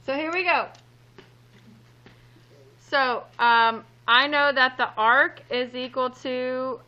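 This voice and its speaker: A woman's voice: high voice, pushed and bright, highs cut off. A woman teaching a math class in a classroom, upbeat and playful as she joins in the students' jokes. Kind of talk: classroom lesson.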